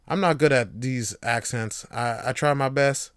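A man's voice: mid-range voice, unhurried, fairly bright tone, clear, resonant tone, no room sound, clean studio sound. A man hosting a casual solo podcast monologue, joking, swearing and laughing often. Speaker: podcast host.

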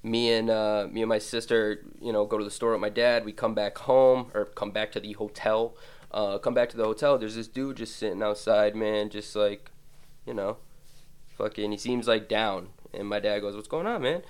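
A man's voice: fairly low pitch, flat delivery, moderate pace, smooth. A man in his twenties hosting a podcast, telling rambling, profane comic stories and laughing along the way. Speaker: podcast host.

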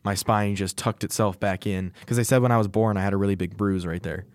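A man's voice: lowish voice, steady tone, fairly quick, clear, resonant tone, no room sound, studio quality. A young man co-hosting a podcast, telling a long personal story in casual chat with restarts. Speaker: podcast co-host.

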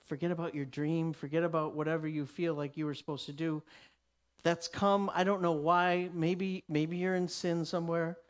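A man with a notably high voice preaching a teaching sermon. He acts out the people in the story, swinging from loud, ringing declarations to hushed whispers. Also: steady tone, moderate pace, clear, resonant tone.

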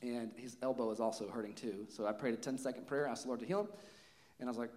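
A young man preaching a sermon, telling a personal story in a lively way with frequent laughs and casual fillers. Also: mid-range voice, fast talker. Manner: animated storytelling, laughs often, many "like" fillers.

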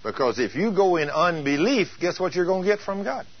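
Husky preacher man, emphatic. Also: high voice, very animated, fairly quick. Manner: emphatic, rhetorical questions. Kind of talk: teaching sermon. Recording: dull lo-fi recording.

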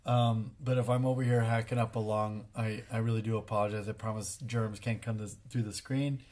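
A man with a cold, hoarse and sounding like a smoker, co-hosting a parenting chat with hesitant fillers. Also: lowish voice, steady tone, brisk, darkish tone. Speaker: parenting co-host. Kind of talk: casual chat.

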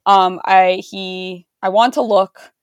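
A woman's voice: mid-range voice, fairly even intonation, takes it slowly, smooth, no echo, muffled recording. A woman co-hosting a podcast, wry and sarcastic, who often laughs. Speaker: podcast co-host. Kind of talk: casual chat.

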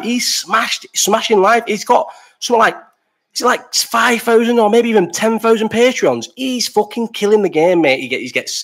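A man's voice: high voice, a bit bright. A young man with a Bolton accent hosting a casual live stream chat, blunt, sweary and opinionated, jumping from topic to topic. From Bolton, England.

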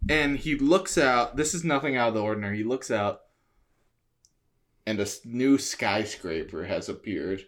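Man casually pitching a movie idea. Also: expressive, moderate pace, fairly bright tone. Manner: rambling pitch with many "like" fillers, swearing. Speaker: podcast co-host. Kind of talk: casual chat.

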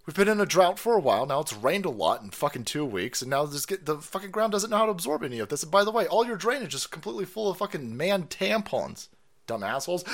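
Animated, foul-mouthed man ranting. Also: a little high. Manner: swearing, sarcastic, laughing, mocking clips. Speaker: streamer host. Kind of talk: profane political rant stream. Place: California.

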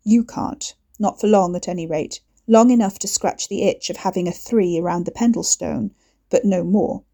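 A woman's voice: medium pitch, moderate pace, mellow, close to an everyday voice. A woman reading aloud and voicing a guarded, coolly commanding woman with a dry, clipped delivery.

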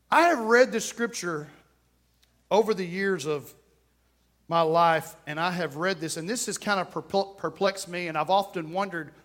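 A man preaching a sermon to his congregation in church, fervent and conversational. He swings from quiet joking asides to loud exclamations. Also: sits high. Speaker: pastor.

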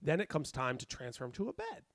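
A man tells a story in a relaxed, chatty way, and his voice sits a little high. He acts out the people he quotes with sudden bursts of energy. The sound is dry and close to the mic. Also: quick pace, no echo. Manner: animated, acts out quotes with raised voice. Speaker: podcast guest telling a story. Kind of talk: casual storytelling.

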